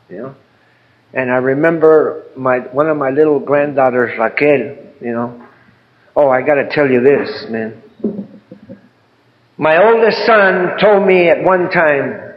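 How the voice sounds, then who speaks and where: A man's voice: mid-range voice, dull audio. Older man sharing a heartfelt recovery story. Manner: heartfelt, rambling, peppers with "man" and "you know". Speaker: recovery speaker. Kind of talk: personal testimony talk.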